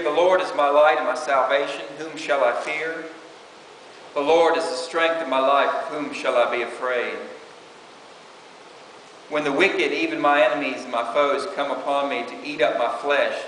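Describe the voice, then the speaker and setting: A man's voice: a little high, a bit bright. A man preaching an informal sermon, reading scripture and talking conversationally with many "you know"s. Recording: echoey hall with faint hiss.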